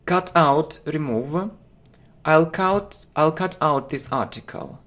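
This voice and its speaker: A man teaching English vocabulary, who says each phrase and then repeats it slowly and deliberately. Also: fairly high pitch, fairly bright tone. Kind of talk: vocabulary lesson.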